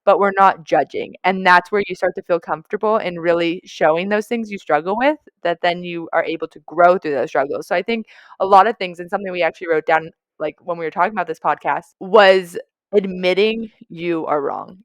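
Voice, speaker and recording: A young woman shares reflections in a relaxed podcast conversation, stringing her thoughts together in long runs. Her voice sits a little low, recorded dry and close. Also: brisk, no echo. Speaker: podcast co-host. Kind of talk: casual chat.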